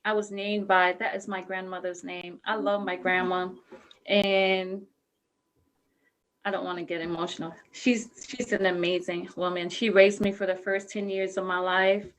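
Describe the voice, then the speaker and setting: A woman's voice: medium pitch, little pitch movement, moderate pace, rough recording. A young adult woman from Samoa, a guest on a live-streamed interview, talking in an effusive, grateful way with frequent laughter. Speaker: guest speaker.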